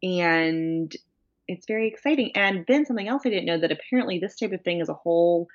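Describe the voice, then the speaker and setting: A woman's voice: lowish voice, animated, brisk. A woman co-hosting a podcast, telling a funny story with lots of fillers and laughs. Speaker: podcast co-host. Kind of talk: casual chat. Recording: dull lo-fi sound.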